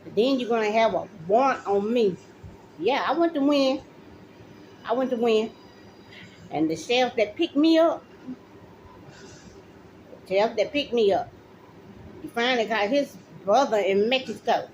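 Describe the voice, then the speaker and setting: A woman's voice: fairly high pitch, expressive, measured pace, pauses often, darkish tone, lo-fi sound, slight background noise. Accusing, indignant middle-aged woman. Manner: accusing, repeats her points, addresses officials directly. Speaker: mother speaking out. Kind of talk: angry direct-to-camera rant.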